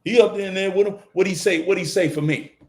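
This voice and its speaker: A middle-aged man speaking as a podcast guest, telling colloquial stories, acting out other people's lines, and swinging from loud bursts to hushed asides. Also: high voice, fairly even intonation, fast talker. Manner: colloquial, quotes others in character. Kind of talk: casual storytelling on a podcast.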